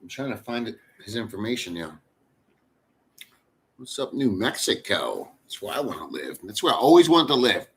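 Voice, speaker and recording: A man's voice: lowish voice, sing-song, moderate pace. A middle-aged man chatting casually with live viewers, rambling and blunt, with frequent cursing. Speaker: livestream host. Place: in the Philippines.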